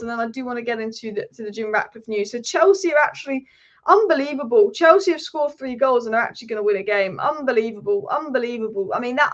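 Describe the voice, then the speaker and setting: Passionate woman ranting fast on a live stream. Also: on the high side, highs cut off. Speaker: football channel host. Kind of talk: live-streamed football talk.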